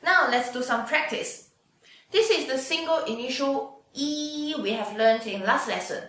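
A Chinese language teacher with a high, sharp voice gives a slow pinyin lesson with drills. She patiently draws out each sound for students to repeat. The room is very echoey and her voice comes from off mic.

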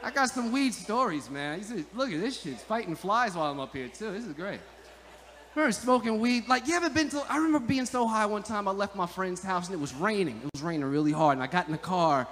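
A man's voice: sits high, animated, quick pace, a bit bright. A man from New doing a profane, rambling stand-up comedy set on an outdoor club stage, laughing at his own jokes. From New Jersey. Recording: live stage sound with long reverb.

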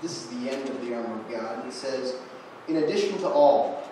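Expressive and brisk, a young man's mellow, mid-range voice carries a guest sermon in a church sanctuary, where he tells a fishing story laced with self-deprecating humor. It's recorded from a distance in an echoey room, with noise.

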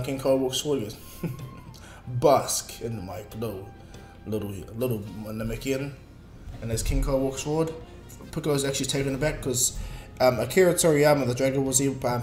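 A man's voice: mid-range voice, darkish tone. A man casually narrating a fan story in a rambling way, with filler words. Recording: echoey room, faint music.

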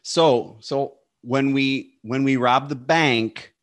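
A man performing improvised comedy with playful, rambling, deadpan asides. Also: medium pitch, slow pace, background noise.

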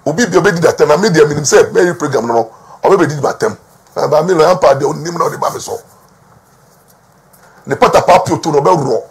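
Gravelly Ghanaian man giving emphatic commentary. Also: fairly high pitch, fast, long pauses. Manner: emphatic, repeats words, switches between Twi and English. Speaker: entertainment news commentator. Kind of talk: talking-to-camera gossip commentary.

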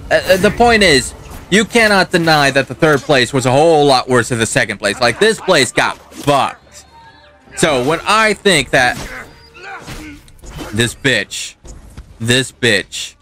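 Man, young adult, bright edgy voice, cursing rant, gameplay commentary. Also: on the high side, big pitch swings, moderate pace, soft background music. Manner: profane, ranting, talks back to the game. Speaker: gaming channel host. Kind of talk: let's play commentary.

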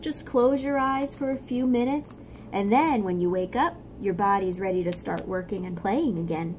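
A woman reading a picture book aloud to young children, gently stopping to explain things. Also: mid-range voice, moderate pace, a little hiss or hum. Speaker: storyteller for children.

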